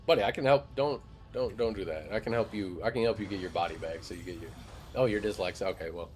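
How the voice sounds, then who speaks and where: A man's voice: low voice, fast, a little mellow, faint music behind. A young man chatting casually with his live stream audience, loose and joking, with frequent swearing. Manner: loose, profane, joking banter with chat. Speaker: game streamer.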